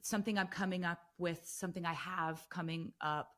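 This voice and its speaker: A woman in her thirties, a guest on a casual podcast, telling animated stories with lots of fillers. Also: fairly low pitch, normal speed. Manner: chatty, animated storytelling with frequent fillers. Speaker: guest musician.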